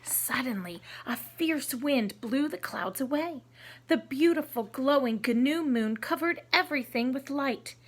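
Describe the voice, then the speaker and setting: A woman reading a children's story aloud, expressive, sometimes adding hushed asides to the listeners. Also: high voice, a little slow.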